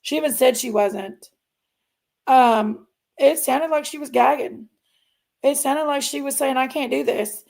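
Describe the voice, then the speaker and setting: A woman's voice: high voice, unhurried, gravelly, darkish tone. A woman, hosting a casual true crime talk stream and chatting straight to her viewers, often trailing off and repeating herself. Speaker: true crime channel host. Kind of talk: casual livestream commentary.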